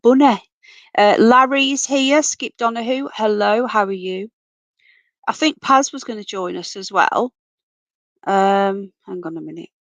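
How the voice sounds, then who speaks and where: A woman's voice: medium pitch, measured pace, no room sound. A woman hosting a casual livestream, reading out viewer comments and greeting everyone as darling and sweetheart, while her voice is going from a cold. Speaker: livestream host. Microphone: computer mic, off camera.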